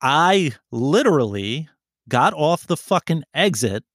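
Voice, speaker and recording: A man's voice: a little high, sing-song, slow pace, fairly bright tone, no room sound, clean studio sound. A man telling a rambling, profane story in casual chat. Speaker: podcast co-host telling a story.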